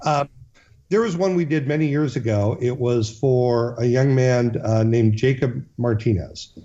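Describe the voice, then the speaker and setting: A man's voice: medium pitch, measured pace, warm tone, highs cut off. A man, a guest in an interview, telling a long story earnestly, with frequent restarts and fillers.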